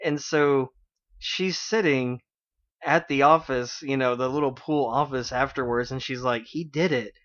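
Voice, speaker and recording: A man's voice: medium pitch, fairly even intonation, measured pace, a bit bright. Chatty man hosting a lo-fi radio chat. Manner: chatty retelling with many fillers. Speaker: radio show host. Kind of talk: casual anime recap chat. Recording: dull lo-fi internet radio stream.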